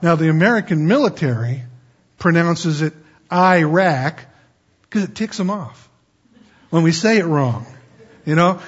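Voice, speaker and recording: Guy giving a laid-back bible sermon, kinda raspy, highish voice, muffled lo-fi sound. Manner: chatty, digressive, joking asides. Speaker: preacher. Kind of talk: folksy Bible-teaching sermon. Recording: dull lo-fi recording.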